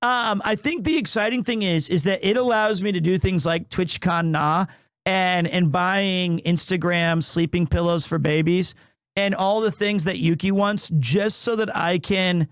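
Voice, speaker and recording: A male streamer with a high, light voice tells an animated story and drops Japanese phrases into casual banter with his chat. The sound is dry and close, with no room echo around him. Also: measured pace, clear, resonant tone.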